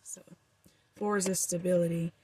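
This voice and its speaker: A woman's voice: fairly low pitch, flat delivery, measured pace, mellow, breathy edge, rough recording. A young woman doing a casual, rambling tarot reading for her viewers, with frequent fillers. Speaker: tarot reader.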